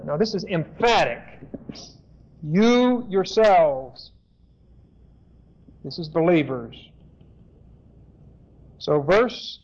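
A man giving a deliberate Bible lesson, spelling out Greek words and pausing to correct himself. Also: a little high, darkish tone. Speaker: Bible teacher. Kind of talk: slow expository Bible lesson. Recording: dull lo-fi sermon tape.

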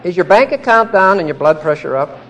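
A man's voice: high voice, animated, fairly quick, a bit bright, muffled recording. A man teaching a Bible passage verse by verse, explaining it patiently, checking in with his listeners and stressing key words emphatically.

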